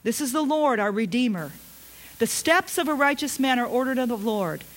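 A woman pastor preaching a sermon in an earnest, emphatic way, slowing into soft drawn-out passages. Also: on the high side, expressive.

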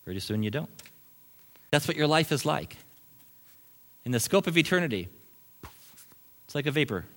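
Animated man preaching a sermon. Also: fairly high pitch, normal speed, long pauses. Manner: animated preaching with sudden drops to quiet asides. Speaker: pastor. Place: church sanctuary.

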